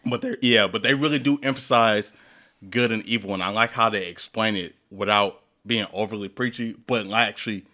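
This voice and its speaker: A man's voice: fairly low pitch, normal speed, bright, forceful tone. A man co-hosting a casual movie review chat, talking it through in a thoughtful, analytical way.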